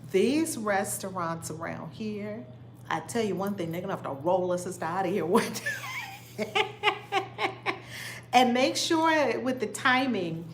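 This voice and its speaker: A woman's voice: medium pitch, echoey room, slight background noise. A middle-aged woman hosting a spiritual livestream, exuberantly greeting viewers with repeated catchphrases. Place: room, livestreaming.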